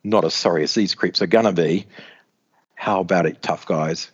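A man's voice: sits low, moderate pace, husky. A man voicing a brash, cocky young male superhero who talks tough. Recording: dull lo-fi recording.

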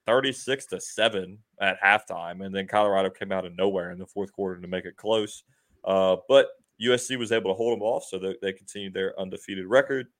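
A man hosting a sports podcast, recapping games in an upbeat, laughing way with many fillers. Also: lowish voice. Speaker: podcast host. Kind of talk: casual sports chat.

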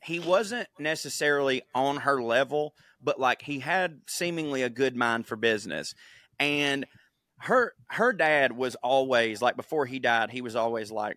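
A man co-hosting a casual podcast, telling a story in a loose and profane way. His voice is bright and forward. It sits on a dry, close mic with no room sound. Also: mid-range voice, a little slow, no room sound. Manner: profane, rambling, acts out quotes in silly voices. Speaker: podcast co-host.

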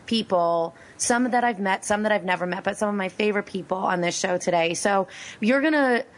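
A woman hosting a talk radio show, hoarse from losing her voice, chatting in a bubbly, giggly, rambling way. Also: medium pitch, fairly quick. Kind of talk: casual radio show chat.

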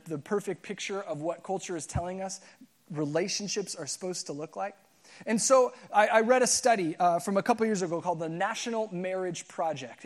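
A man with a high, light voice preaches in a loose, conversational way. He jokes and wanders into asides as he leads his congregation through the passage. His delivery stays chatty and unpolished. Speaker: pastor. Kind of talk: sermon. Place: church auditorium.

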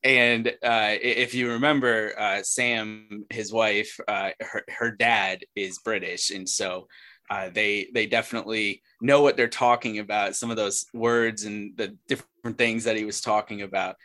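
A man hosting a casual sports podcast, upbeat and quick to laugh. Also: fairly low pitch, fairly even intonation, sharp tone. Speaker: podcast host. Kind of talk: casual chat.

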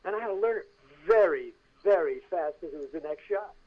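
Older man telling lively showbiz stories. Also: sits high, fairly quick, dull audio. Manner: animated anecdotes, acts out quoted voices. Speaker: guest, actor. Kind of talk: casual storytelling interview.

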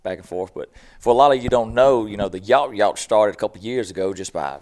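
Hoarse slow-drawling Southern man. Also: on the low side, darkish tone. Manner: slow drawl, laid-back storytelling. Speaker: podcast guest. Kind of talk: casual chat.

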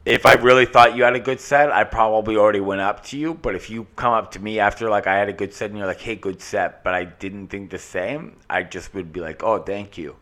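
A man's voice: lowish voice, quick pace, few pauses, fairly bright tone. A man, a stand-up comic, explaining his point in a casual and earnest way. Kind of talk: casual chat.

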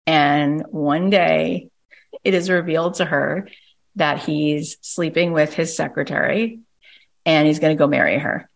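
Woman coach telling a story on a call, kinda low voice but really animated, acts out the people in it. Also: measured pace, vocal fry. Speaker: coach and podcast host.

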